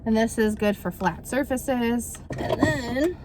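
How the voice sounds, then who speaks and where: A woman's voice: fairly high pitch, slow, heavy background noise. A woman in her thirties chatting casually through a product unboxing, rambling with fillers and acting out little quotes. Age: 30s. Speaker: vlogger reviewing a product.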